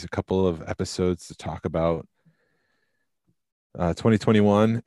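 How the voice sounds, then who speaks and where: A man with a very low, deep voice co-hosts a casual podcast, sounding tired and a little slow to find his words. He rambles easily through plans and news with lots of ums. The recording is dry and close, with no room sound. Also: no room sound. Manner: relaxed, rambling, with fillers. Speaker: podcast co-host.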